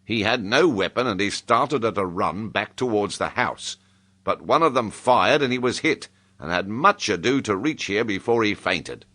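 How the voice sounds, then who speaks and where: A man's voice: fairly low pitch, lively intonation, normal speed, bright, forceful tone. A man with a British accent reading an audiobook, voicing a blunt, protective older male soldier with an urgent, plain-spoken manner. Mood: grave. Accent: British English. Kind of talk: audiobook character voice.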